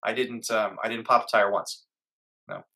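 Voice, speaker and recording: Speaking as an interview guest, a middle-aged man tells a difficult personal story in an earnest way, voicing the thoughts he had back then. His voice is lowish yet bright and slightly tense, and he keeps a moderate pace.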